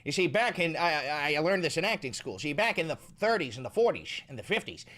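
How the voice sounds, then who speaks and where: A man's voice: on the high side, big pitch swings, fairly quick, fairly bright tone. A man in his thirties hosting a reaction stream, talking in a profane, emphatic, ranting way. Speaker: political commentary streamer.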